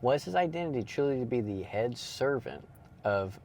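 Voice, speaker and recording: Young guy in a parked car telling a bible story, animated, chatty, crickets outside. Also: mid-range voice, normal speed, slight background noise. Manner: animated storyteller acting out quoted lines. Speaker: ministry host. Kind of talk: casual Bible teaching on a road trip.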